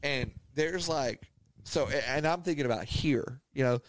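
A man's voice: mid-range voice, normal speed, no echo. A man co-hosting a podcast, telling a rambling story in casual chat, full of fillers and restarts. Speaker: podcast co-host.

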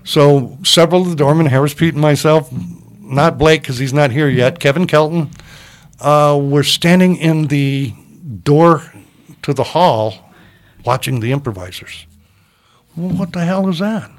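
A man's voice: fairly high pitch, measured pace. An older man telling a long comic story, acting out the people he quotes. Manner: animated storyteller, acts out quotes. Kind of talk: casual storytelling chat.

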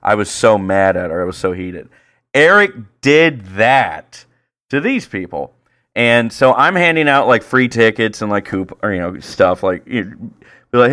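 Profane, animated male podcast storyteller. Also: unhurried. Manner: profane, animated storyteller doing high impressions. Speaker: podcast co-host. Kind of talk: casual podcast chat.

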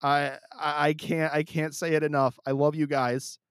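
A man's voice: a little high, level tone, moderate pace, clean tone, no echo. A man hosting his own podcast in casual solo talk. He is teary and emotional, rambling with many restarts, close on the mic. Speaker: podcast host.

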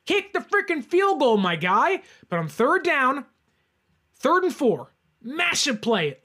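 High-voiced excited man ranting sports. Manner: animated, fan ranting with rising shouts. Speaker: sports podcast host. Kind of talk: excited sports reaction monologue.

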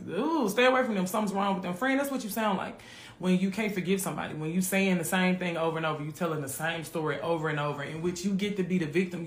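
High-voiced man talking to "friend". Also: a bit bright, reverberant. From Memphis, USA. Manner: casual, keeps calling listeners "friend". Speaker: podcast host. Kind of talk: live faith podcast talk with prayer.

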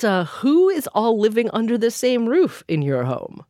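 A woman hosting a public radio interview show, talking in a measured, conversational way. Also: a little high, huge pitch swings, dark tone, no echo, studio quality. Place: radio studio.

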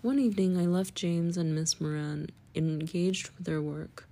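A woman narrating a story as an audiobook reader, in a measured, steady way. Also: lowish voice.

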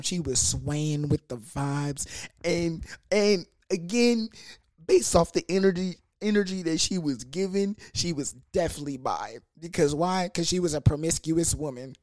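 In a casual storytime monologue, a young adult tells a rowdy party story packed with swearing, slang, asides and fillers. The delivery is animated and comedic, at a middle pitch and moderate pace. The sound is close and dry, with no room echo.

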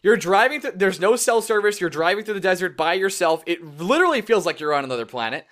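A young man co-hosting a casual podcast, telling a story with animated quoted voices. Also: sits high, quick pace. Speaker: podcast co-host. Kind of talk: casual chat.

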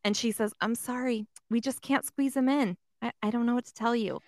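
A woman's voice: on the high side, steady tone, fairly quick, a little mellow, dry recording. A woman telling a story in casual chat, swearing often, filling with "like" and acting out the other voices. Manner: swears a lot, fills with "like", acts out voices.

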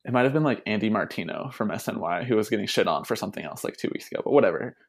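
A man co-hosting a casual sports podcast, animated and laughing as he acts out quotes. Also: fairly low pitch, rapid-fire, creaky. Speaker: podcast co-host.

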